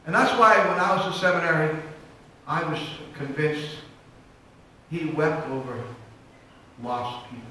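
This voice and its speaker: A male pastor preaching with impassioned swings between loud and hushed, with frequent restarts, recorded from a distance in an echoey church. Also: a little high, normal speed, long pauses. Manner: frequent restarts and repeated words. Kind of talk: sermon. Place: church sanctuary.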